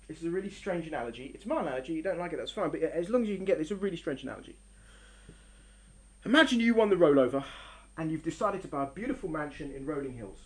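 Lively woman lecturing. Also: low-pitched. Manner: animated storyteller, acts out scenes, restarts often. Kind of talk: religious lecture with story analogies. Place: lecture room with a live audience.

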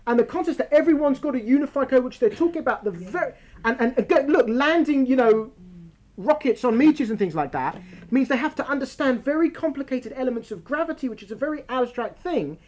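A woman leading a lively discussion with an audience, animated and quick to talk over interruptions. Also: sits high. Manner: animated, talks over interruptions, mimics voices for fun. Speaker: speaker leading a group discussion.

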